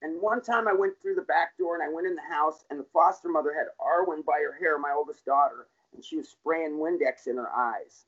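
A man's voice: fairly high pitch, fairly quick, few pauses, a bit bright. A middle-aged man telling his life story in an interview, blunt and profane, in plain street talk. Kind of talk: candid personal storytelling. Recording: dull lo-fi recording.

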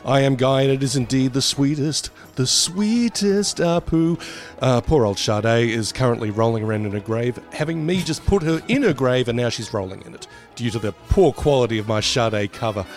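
A man co-hosts a podcast in a mid-pitched voice. He is jokey and playful. Faint music plays behind him. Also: fairly quick, hardly any pauses, darkish tone. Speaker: podcast co-host. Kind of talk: casual chat.

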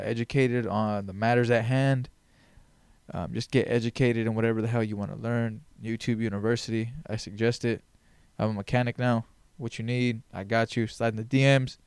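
A man chats alone into a close microphone, his voice carrying a gravelly, creaky texture. He rambles, jokes and curses freely, sounding loose and unscripted. The room sound is dry. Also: medium pitch, darkish tone, no room sound. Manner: rambling, profane, joking. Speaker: podcast host. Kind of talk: casual solo podcast monologue. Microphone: headphones on, close mic.

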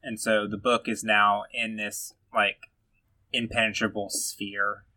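A young man co-hosts a casual comedy podcast in a fairly low, bright, forceful voice. He stumbles and restarts his sentences often, and the recording is dry and close. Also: flat delivery, unhurried, no room sound. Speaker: podcast co-host.

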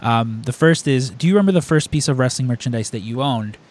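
Male host, rambling casual storyteller, filler-heavy, mid pitch. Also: fast. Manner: animated storyteller. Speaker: podcast host. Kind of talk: casual chat.

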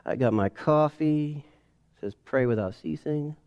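A man in his forties preaching a sermon in a casual, animated way, acting out family scenes. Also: fairly high pitch, a little slow, clean tone, highs cut off. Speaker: pastor. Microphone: headset or lapel mic.

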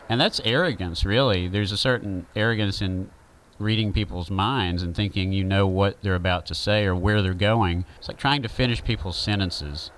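A man's voice: low voice, normal speed, a bit bright, low-quality recording. A man with a Southern accent, talking through an opinion monologue in a rambling, conversational way with many fillers.

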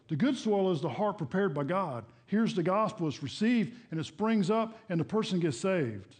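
A man's voice: high voice, lively intonation, normal speed, hardly any pauses, a little mellow, slightly rough. An older man preaching a sermon as pastor, in a folksy, conversational way, often rising and dropping his voice. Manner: folksy, conversational preaching with shifting volume and pace. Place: church.

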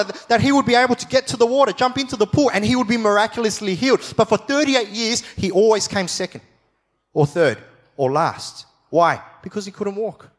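A man with a high voice teaches a sermon, leaning into the story and dropping playful asides. He repeats key phrases for emphasis. His voice rings out with a long reverb, as in a church hall. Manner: animated storytelling with jokey asides.

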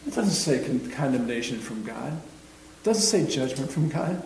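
A man teaching a Bible study in a relaxed, chatty way, often checking in with his listeners. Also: mid-range voice, unhurried, gravelly, a little hiss or hum. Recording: roomy sound from some distance off the mic.

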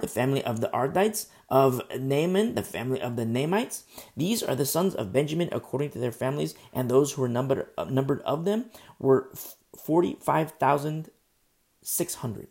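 A man preaching verse by verse, earnest and rambling, stumbling over hard names and pausing often because his throat is sore. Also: mid-range voice, vocal fry, a little mellow. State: sore throat, pauses to drink tea. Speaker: pastor. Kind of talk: verse-by-verse Bible teaching.

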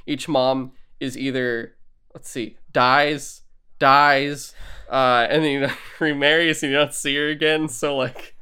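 A man co-hosting a podcast in loose, casual chat. His pitch sits at an ordinary middle level. He rambles from thought to thought, laughs often and slips into quick acted quotes. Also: level tone, sharp tone, clean tone. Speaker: podcast co-host.

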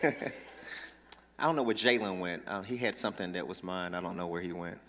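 A man preaching a sermon as pastor, talking with lively energy, joking asides with the congregation and emphatic calls to action. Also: sits low, fairly quick. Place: church sanctuary. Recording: long reverb in large church.

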